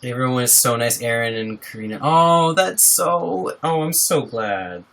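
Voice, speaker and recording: A bubbly young man hosts a casual live stream from his home, speaking into a laptop microphone. His pitch sits in the middle, but his voice swoops up and down with lively energy as he cheerfully greets viewers. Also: measured pace, vocal fry. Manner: bubbly, greets viewers by name, laughs often. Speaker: livestreamer. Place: home, at a wobbly table.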